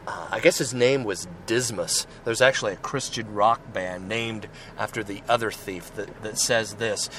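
A man's voice: mid-range voice, fairly bright tone. Earnest man preaching over street noise. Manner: earnest and rambling, many restarts and "right?", "you know". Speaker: Christian speaker sharing testimony. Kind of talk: informal preaching with personal testimony. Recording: noisy street with passing cars.

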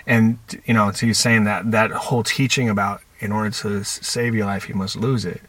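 A man's voice: on the low side, level tone, fairly quick, a bit bright, no room sound. A man on a podcast, a counselor talking reflectively and telling stories about his clients in quoted dialogue. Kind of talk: conversational podcast talk.

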